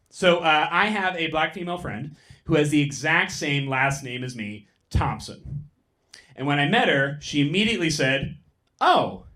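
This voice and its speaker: A young man doing stand-up on a comedy club stage, talking into a handheld mic and delivering quick, deadpan punchlines. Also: fairly high pitch. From San Francisco. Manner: deadpan, quick punchlines, mock voices for bits.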